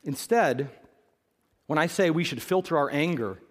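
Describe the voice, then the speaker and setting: A male pastor delivers a sermon in a high voice. His delivery is emphatic, and he repeats key phrases to drive them home. His pitch leaps and falls widely as he presses each point. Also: animated, moderate pace.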